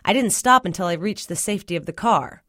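A woman reading a short story aloud in a measured first-person narration. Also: mid-range voice, expressive, fairly bright tone, dry recording, studio quality. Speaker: story reader.

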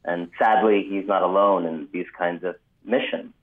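A man telling a story as an author guest in a radio interview, measured with frequent ums, heard over a phone line. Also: sits low, steady tone. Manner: measured, many ums, vivid retelling.

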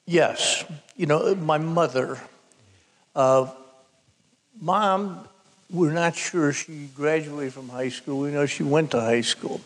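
An older man, a novelist, telling stories from his family life in a slow, wry, self-deprecating way during a live public conversation. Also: on the high side. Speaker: novelist guest. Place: live event before an audience. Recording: hall reverb from a live event.

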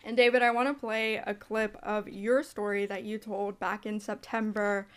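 A woman's voice: mid-range voice, level tone, moderate pace, smooth. A woman hosting a radio talk show, introducing guests and asking questions in a friendly, upbeat way. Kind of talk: radio interview.

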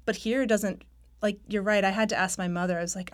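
A woman's voice: fairly low pitch, level tone, quick pace, creaky. A woman from North Carolina who has lost her accent, a novelist telling stories in a candid, self-deprecating radio interview and laughing often. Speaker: novelist guest.

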